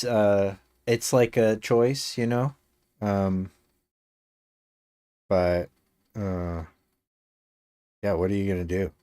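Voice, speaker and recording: A man's voice: medium pitch, smooth, no echo. A male game streamer chatting casually on a live stream, rambling with many fillers and slipping in dry jokes.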